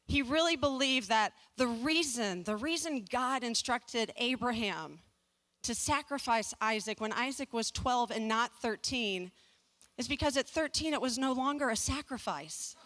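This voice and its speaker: A woman's voice: sits high, lively intonation, measured pace, a bit bright. A woman in her forties from the American South giving a humorous personal storytelling speech with comic timing, self-deprecating asides, and restarts. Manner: restarts and repeats words. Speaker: speaker at a community fundraising talk.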